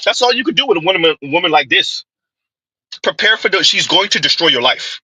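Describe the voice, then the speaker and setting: A man's voice: sits high, lively intonation, fairly quick, sharp tone, slightly rough, no room sound, low-quality recording. A man giving a mocking opinion commentary, full of rhetorical asides and scornful dismissals. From United States.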